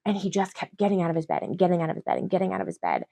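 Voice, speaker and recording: Thirties mom talking parenting on a podcast, earnest, kinda low voice, dry sound. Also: female voice, fairly even intonation, racing, creaky, mellow, husky, no echo. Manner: earnest, explanatory. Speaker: podcast co-host. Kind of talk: casual chat.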